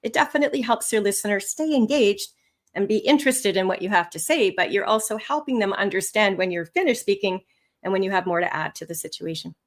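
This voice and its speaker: Woman test-prep instructor, expressive and animated, live online lesson. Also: mid-range voice, fast talker. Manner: lively, expressive intonation. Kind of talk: live webinar teaching.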